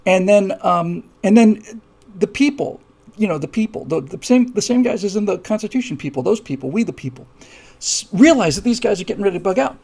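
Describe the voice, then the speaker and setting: A man with a fairly high voice and a gravelly edge hosts a live show. He tells his story with many fillers and restarts. His voice moves from low, quiet asides to heated, repeated emphasis. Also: animated, brisk. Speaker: show host.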